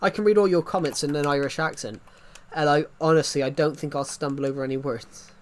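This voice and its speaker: A man's voice: on the high side, fast talker. A man chatting casually on a livestream, rambling and often restarting his sentences. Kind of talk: casual stream chat.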